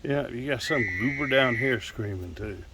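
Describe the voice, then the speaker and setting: A man's voice: mid-range voice, moderate pace, very noisy. A man filming outdoors at night on a handheld phone, musing aloud and muttering to himself, sometimes dropping to a whisper. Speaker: vlogger. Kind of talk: casual narration while filming.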